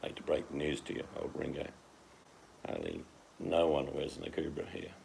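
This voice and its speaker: A man's voice: extremely low pitch, very animated, normal speed, vocal fry, a little mellow, a little hiss or hum. An Australian man in a casual, rambling monologue, joking and teasing with plenty of slang.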